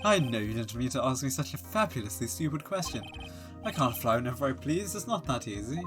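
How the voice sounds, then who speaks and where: A man's voice: mid-range voice, sing-song, a little fast, natural voice. Man voicing a flamboyant male magician, vain, theatrical, game music behind. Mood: dramatic. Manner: theatrical, dramatic.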